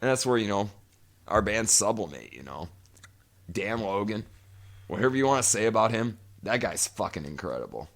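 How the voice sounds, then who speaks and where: A man's voice: fairly low pitch, very animated, normal speed, creaky. A man in his forties co-hosting a podcast, telling a long profane story in casual chat. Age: 40s. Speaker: podcast co-host.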